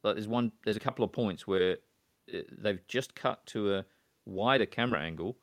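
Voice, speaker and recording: Low-voiced hesitant man chatting films. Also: normal speed, no room sound, clean studio sound. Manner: hesitant, many fillers and restarts, chatty. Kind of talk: casual film discussion.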